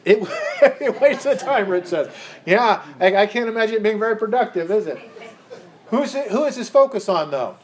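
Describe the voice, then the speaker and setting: Leading a Bible study, this high-voiced man speaks at normal speed with lively intonation, chatting casually and putting questions to the group as he goes. He restarts sentences frequently; the recording has a roomy echo and a faint background hiss.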